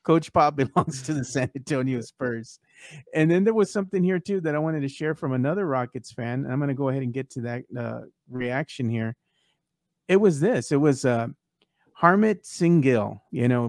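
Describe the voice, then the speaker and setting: A podcast host with an expressive, medium-pitched voice runs a casual sports talk show at a moderate pace. He talks loosely and conversationally, uses plenty of fillers and reads fan posts aloud, recorded in studio quality with no room sound.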